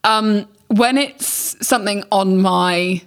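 A woman's voice: mid-range voice, slow pace, clear, resonant tone. A woman talking candidly as a podcast guest, rambling and emphatic, swearing freely.

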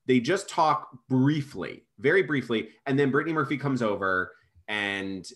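A man's voice: mid-range voice, moderate pace. A man co-hosting a casual film review chat, incredulous, with frequent restarts. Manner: incredulous, restarts often, lively intonation. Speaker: podcast co-host reviewing a film.

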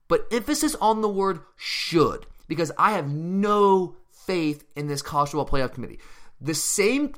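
A man's voice: a little high, pushed and bright. Fired-up man hosting a fan Q&A. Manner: emphatic and fired up, with frequent restarts. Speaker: sports podcast host answering listener questions. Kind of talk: casual fan Q&A commentary.

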